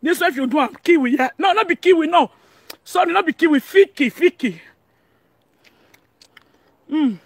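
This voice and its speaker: A woman's voice: high-pitched, lively intonation, normal speed, long pauses, dry recording. A woman with a Nigerian accent chatting casually to her vlog audience, laughing often and speaking pidgin English. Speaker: vlogger. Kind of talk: casual home vlog chat.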